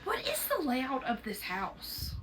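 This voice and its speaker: A young adult woman co-hosting, reacting to scary videos with expressive exclamations. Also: high voice, slow pace, distant mic, background noise. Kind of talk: casual reaction chat.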